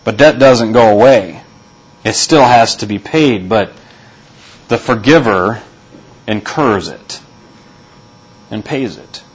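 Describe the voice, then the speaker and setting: Guy pastor giving a sermon, kinda husky, slow and deliberate, says the big points twice. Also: lowish voice, rough recording. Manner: deliberate, repeats key phrases for emphasis.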